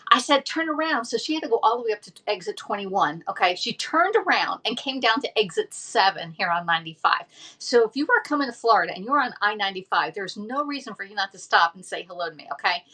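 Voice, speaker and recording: A woman's voice: fairly high pitch, bright, forceful tone. A woman, chatting casually on a livestream from home and rambling through a story with lots of fillers. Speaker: livestream host.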